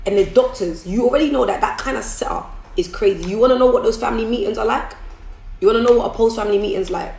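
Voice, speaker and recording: A woman's voice: medium pitch, vocal fry, a little mellow. A businesswoman on a phone livestream, giving an emphatic, repetitive motivational talk. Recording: echoey room, faint music behind.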